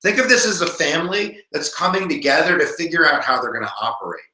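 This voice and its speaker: A lively American man in his forties runs a live history review stream, his voice bright and bouncing up and down in pitch. He jokes and talks straight to his viewers, and the room behind him rings with echo. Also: fast talker. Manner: animated, jokey, talks to viewers. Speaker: history teacher.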